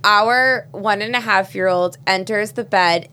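A woman in her thirties co-hosting a podcast, telling lively family stories in casual chat. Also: mid-range voice, measured pace, smooth. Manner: animated storyteller, acts out her baby's cries. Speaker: podcast co-host.

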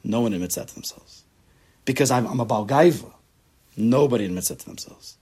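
A man teaching a Torah class to a room of listeners, animated and acting out people's inner voices, with Hebrew terms mixed in. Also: medium pitch, a little fast, slightly rough. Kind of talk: classroom lecture with student questions.

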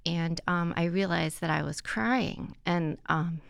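A woman guest recounting a personal experience in an earnest, reflective way, with soft hesitations. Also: lowish voice, slow, creaky, clean tone, no room sound, clean studio sound. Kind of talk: personal testimony in conversation.

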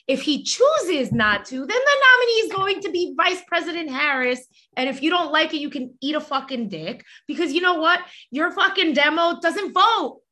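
A woman's voice: sits high, sharp tone. A woman co-hosting a panel talk show, blunt and exasperated, swearing freely. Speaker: podcast co-host. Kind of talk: heated casual panel chat.

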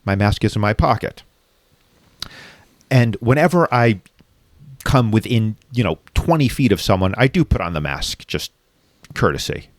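A man's voice: on the low side, expressive, normal speed, long pauses, dry recording, studio quality. A man telling a personal story in conversation, raw and reflective, swearing freely as he talks. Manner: raw, reflective, frequently profane.

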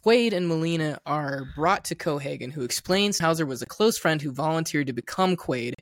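A man's voice: on the high side, animated, moderate pace. A man co-hosting a film podcast, chatting casually with frequent laughs and many "like" fillers. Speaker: podcast co-host.

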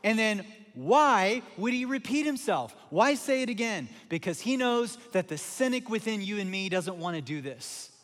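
A middle-aged male pastor with a fairly high voice delivers a sermon in an easy, conversational way. He leans on emphasis and repeats key phrases. His voice carries the long reverb of a large church auditorium. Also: very animated, normal speed, few pauses, a bit bright. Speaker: lead pastor.

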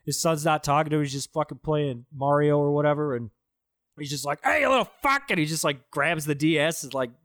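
A man's voice: fairly high pitch, little pitch movement, a little fast, no room sound, clean studio sound. Sarcastic, swearing man riffing on a movie. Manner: profane, sarcastic, mocking impressions. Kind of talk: casual movie review chat.

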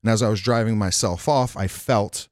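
A man's voice: lowish voice, normal speed, darkish tone, no room sound, studio quality. A man telling a candid personal story in casual podcast chat, frank and rambling, swearing freely. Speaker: podcast guest. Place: Nashville.

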